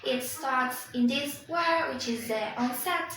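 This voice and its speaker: A woman's voice: high voice, slow pace, a bit bright, a little hiss or hum. A young woman whose first language is Spanish, giving a class presentation, explaining step by step with many fillers. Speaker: student presenter. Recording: echoey room, distant mic.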